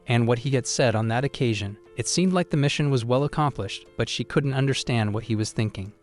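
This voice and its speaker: Male recap narrator, mid pitch, steady scripted read, faint music bed.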